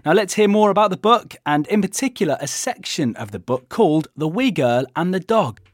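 An interviewer asking questions in a gentle, sympathetic manner. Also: mid-range voice, lively intonation, fairly quick, no echo, studio quality.

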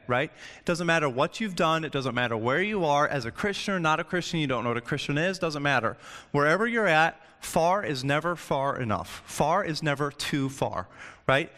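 A man's voice: a little high, bright, forceful tone. A man giving a casual, joking sermon, often checking in with his listeners. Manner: chatty, joking, keeps asking "right?". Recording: long hall reverb.

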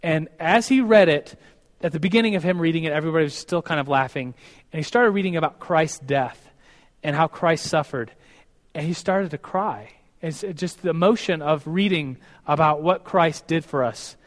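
Earnest male teacher, devotional talk and prayer, slightly high voice, reverberant room. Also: moderate pace. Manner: earnest, storytelling, many restarts.

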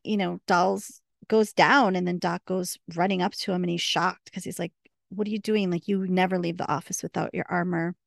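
A female podcast co-host recaps scenes in casual chat, quoting dialogue as she goes. Her medium-pitched voice is creaky, recorded at studio quality with no room sound.

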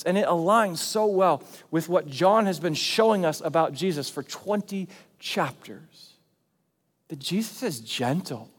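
A man preaching a sermon as pastor, in a conversational, animated way. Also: high-pitched, a little slow, big-room sound. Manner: conversational and animated, acting out quotes.

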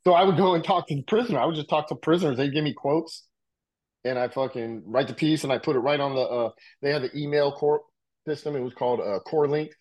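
A man's voice: on the high side, fast, a little mellow. A middle-aged man from the United States, talking about his past in a loose, slangy way, full of "like" and "you know". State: coughing from a bong. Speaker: interview guest, writer. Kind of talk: casual storytelling.

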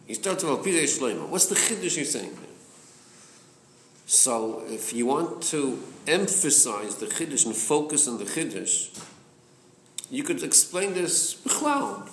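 A man's voice: mid-range voice, a little hiss or hum. A man leading a Torah study class, asking questions and answering them himself. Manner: animated, poses and answers his own questions. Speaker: class leader. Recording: roomy echo.

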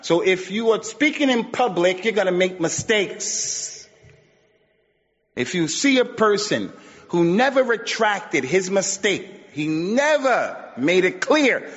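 A male preacher giving an emphatic sermon, repeating his points and building to near shouts. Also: high-pitched, big pitch swings, takes it slowly. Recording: dull sound with long hall reverb.

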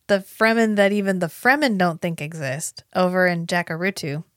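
A woman hosting a casual book discussion podcast, animated and swearing, full of quick asides. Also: on the low side, no room sound. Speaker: podcast host. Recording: dry close mic.

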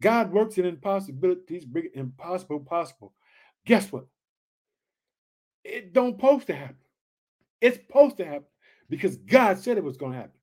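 A man preaching an energetic Bible study sermon, reading scripture aloud and commenting, fired up and calling his listeners family. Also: high voice, normal speed, long pauses.

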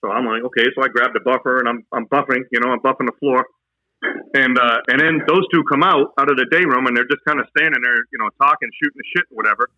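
A man's voice: medium pitch, fast talker, bright, forceful tone, dry recording, rough recording. A man from New Hampshire telling an army story in a casual, rambling, profane way. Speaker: army veteran guest.

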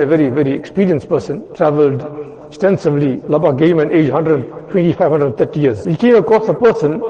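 A man's voice: on the high side, warm tone, highs cut off. A male preacher giving a sermon, repeating ideas in several words and asking rhetorical questions. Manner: repetitive, listing synonyms, rhetorical questions, slow emphatic phrasing. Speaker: mufti, preacher.

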